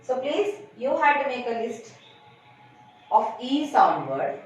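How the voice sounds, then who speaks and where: A woman's voice: sits high, big pitch swings, distant mic. A woman teacher with an Indian English accent gives a phonics lesson to young children, coaxing them along by asking questions and answering them herself. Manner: slow, coaxing teacher talk that asks and answers its own questions. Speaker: kindergarten teacher. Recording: echoey, lo-fi recording from off-mic.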